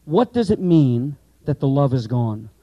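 Male pastor-teacher, Bible class lecture, asks the room questions, dry close sound, mellow slightly high voice. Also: sing-song, unhurried, no echo, dull audio. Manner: explanatory, rhetorical questions, asides to class.

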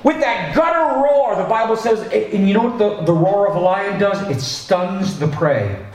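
A male pastor preaching a sermon in a conversational, animated way, with asides and restarts. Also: sits high, normal speed. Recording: echoey hall, distant mic.

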